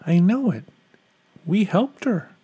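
A man puts on a young child's voice, raised well above his own and full of soft wonder. The child is eager and gentle, as in a bedtime storybook. Delivery is slow and hushed. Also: high voice, expressive, husky, voice pushed up, full character voice. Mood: proud.

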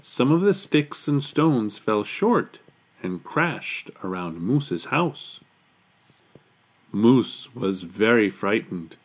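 A man reading a children's picture book aloud in an unhurried, expressive storytelling manner. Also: fairly low pitch, breathy edge.

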